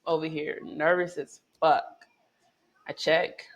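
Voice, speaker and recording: A woman vlogger chats straight to her viewers in a loose, profane storytelling style. Her voice jumps up in pitch and volume when she gets excited, then sinks low and quiet for asides. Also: slow pace, muffled recording. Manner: animated, profane, chatty storytelling with swings in pitch and loudness. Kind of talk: casual storytelling to camera.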